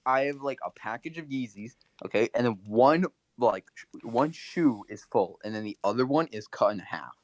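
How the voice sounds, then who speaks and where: Deadpan young man on a podcast. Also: mid-range voice, moderate pace, hardly any pauses, no echo. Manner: deadpan, jokey. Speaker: podcast co-host. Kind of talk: casual chat.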